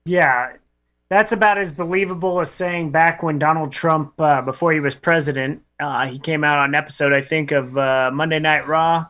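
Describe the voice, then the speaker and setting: A man's voice: on the high side, steady tone, normal speed, pushed and bright. A man co-hosting a radio show, plainspoken, often restarting and repeating words as he talks. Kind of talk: casual radio banter.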